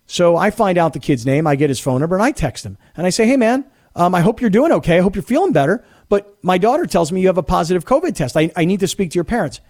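Middle-aged male radio host, high voice, indignant storyteller. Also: expressive, fast, few pauses, darkish tone. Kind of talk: sports radio talk.

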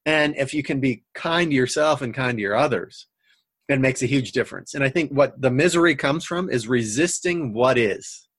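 A man guest on a coaching talk show, calmly explaining his personal philosophy like a trainer. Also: mid-range voice, moderate pace, slightly rough, dry recording. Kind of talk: conversational interview.

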